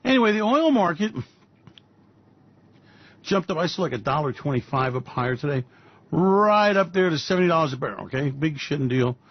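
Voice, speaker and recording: A man's voice: on the high side, very animated, a little fast, pauses often. A man hosting a radio show, ranting about markets in a profane, sarcastic way. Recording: dull dry lo-fi recording.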